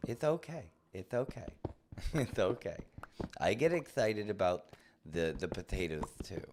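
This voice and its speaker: A man streaming a game live, chatting and ranting playfully with mock indignation and sudden excited outbursts. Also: measured pace, noisy background. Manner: jumps to high excited outbursts. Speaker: livestreamer. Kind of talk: live gameplay commentary.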